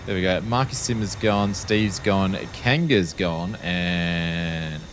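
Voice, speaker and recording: A man's voice: deep voice, takes it slowly, a little hiss or hum. A man with an Australian accent giving wry, casual commentary on a live stream, with frequent ums. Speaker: flight sim streamer.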